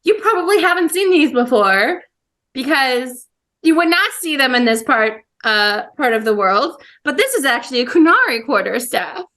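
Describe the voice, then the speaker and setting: A woman voicing a polite, persuasive woman adventurer in a tabletop game, explaining at a measured pace. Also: high voice, very animated, a bit bright.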